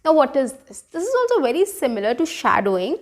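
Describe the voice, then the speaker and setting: Woman, high voice, teacher, repetitive explaining, frequent "right?". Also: sing-song, brisk. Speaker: English teacher. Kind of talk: spoken English lesson.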